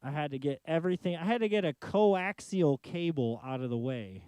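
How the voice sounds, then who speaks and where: A man's voice: fairly high pitch, lively intonation, normal speed, mellow, smooth, no echo. A man casually chatting to himself during a live music stream, rambling and joking while he troubleshoots his gear in a home studio.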